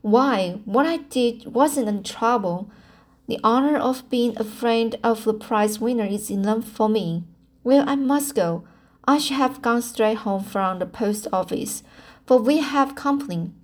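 A woman reading the lines of a modest, loyal young female friend, slowly and with small restarts. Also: fairly high pitch. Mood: brisk. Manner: slow halting reading with repeated words.

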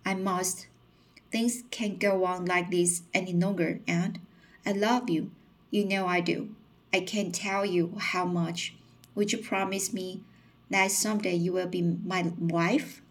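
A woman reading the part of a quietly insistent young man in a storybook, in a slow, low-key way. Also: steady tone. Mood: earnest.

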